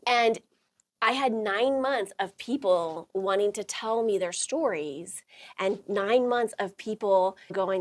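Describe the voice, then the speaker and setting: A woman's voice: medium pitch, slow pace. A middle-aged woman hosting a talk, telling a personal story to a small audience, laughing often and acting out quotes. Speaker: host.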